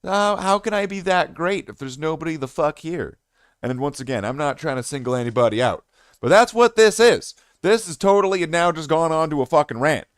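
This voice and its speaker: A man's voice: a little high, expressive, fairly quick, clear, resonant tone, no room sound, studio quality. A man live streaming a game, ranting with constant swearing and rambling restarts as he talks to his chat. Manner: rambling, heavily profane ranting with many restarts. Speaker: live streamer and gaming host.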